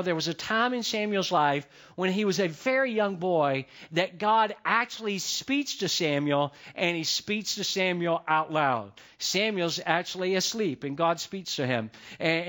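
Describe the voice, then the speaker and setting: A man with a high, light voice preaching a sermon to his congregation. He talks in a conversational way and repeats key phrases to drive a point home. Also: fairly bright tone. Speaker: pastor.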